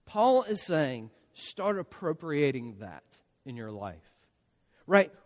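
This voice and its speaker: A man with a somewhat high voice delivers a sermon in a relaxed, conversational way. He keeps checking in with his listeners by asking "right?" His voice carries a long reverb from a large hall. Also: slow. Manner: conversational, often tags lines with "right?". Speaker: pastor.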